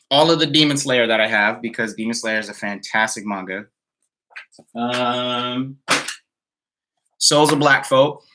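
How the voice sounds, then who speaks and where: A man chatting loosely on a home live stream, answering comments in a rambling way full of ums and small laughs. His voice is bright and forward, with a middling pitch. He sounds a little tired. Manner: relaxed, rambling, with many fillers and laughs. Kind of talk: casual live-stream chat. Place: indoors at home.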